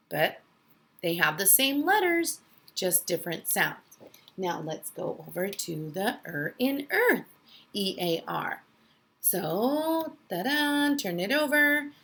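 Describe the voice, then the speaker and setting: A woman teaching young children phonics from home, in a sing-song, exaggerated teacher voice, spelling out letters slowly. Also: mid-range voice, very animated, fairly bright tone. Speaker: kindergarten teacher. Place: her home.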